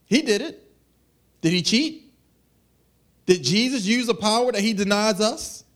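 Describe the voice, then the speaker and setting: A man preaches with a high-pitched voice in a loose, conversational way. He slips into little acted voices to make his points. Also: measured pace. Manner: animated, conversational preaching with acted asides and laughs. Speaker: pastor. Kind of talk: sermon.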